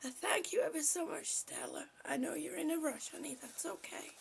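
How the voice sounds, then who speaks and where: High gravelly breathless woman live-streaming. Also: lively intonation, moderate pace, slight background noise. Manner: greets viewers by name, affectionate, slips into breathy whispers. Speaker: livestream host. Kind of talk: casual live-stream chat.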